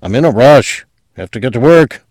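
A man's voice: mid-range voice, expressive, normal speed, darkish tone, slightly rough, no room sound, voice pushed up. A man voicing a grumpy husband who mutters curt replies.

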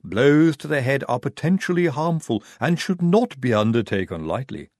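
A man doing a calm, clinical young woman medic. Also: mid-range voice, normal speed, no echo, clean studio sound, voice pushed up, natural voice. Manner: precise, clinical.

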